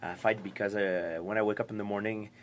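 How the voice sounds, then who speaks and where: A young man answering interview questions in halting, repetitive English, laughing easily. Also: fairly low pitch, steady tone, a little hiss or hum. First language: French. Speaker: interviewed fighter. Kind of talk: casual interview.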